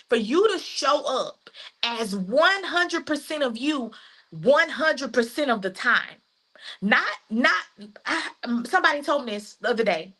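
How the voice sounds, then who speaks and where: Bright high Southern coach woman. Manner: emphatic, repetitive, folksy phrasing. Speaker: life coach. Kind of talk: live-stream coaching talk.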